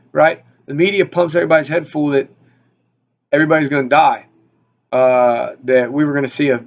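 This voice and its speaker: A man's voice: medium pitch, dull audio. A man giving a casual, rambling Bible study talk, full of fillers and repeated words. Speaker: Bible teacher.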